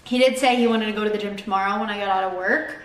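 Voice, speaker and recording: A woman's voice: mid-range voice, steady tone, quick pace, roomy sound. A woman chatting casually to camera at home for her vlog, upbeat and rambling. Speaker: vlogger. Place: home indoors.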